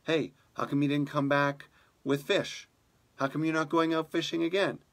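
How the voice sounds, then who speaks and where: A man voicing worried villagers in a folk tale, anxious and insistent, pitched a little higher. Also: flat delivery, moderate pace, a bit bright. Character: worried village neighbors, pressing questions.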